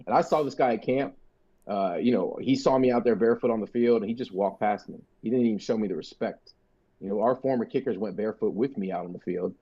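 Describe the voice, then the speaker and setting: A man's voice: lowish voice, quick pace, warm tone, husky, dull audio. A man co-hosting a sports podcast, talking casually with a profane, joking, rambling manner. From United States. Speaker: podcast co-host.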